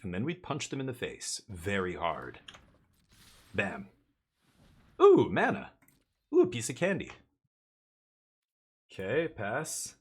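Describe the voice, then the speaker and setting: A man streaming a card game live, chatting excitedly and joking with his chat as he plays. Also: fairly low pitch, unhurried, pauses often, husky.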